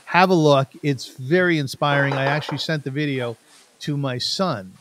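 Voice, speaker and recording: A man's voice: on the high side, moderate pace, noisy background. A Canadian man hosting an interview, chatty and enthusiastic. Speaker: podcast host. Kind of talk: casual interview.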